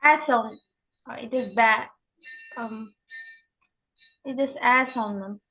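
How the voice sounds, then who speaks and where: A high-voiced woman student speaks over a video call, polite and unsure. She stalls with frequent fillers and restarts while she searches for words. The call gives her voice a small, close sound. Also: fairly even intonation, slow pace, bright, forceful tone, husky, soft background music. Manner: hesitant, many fillers, polite. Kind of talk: asking questions in an online class.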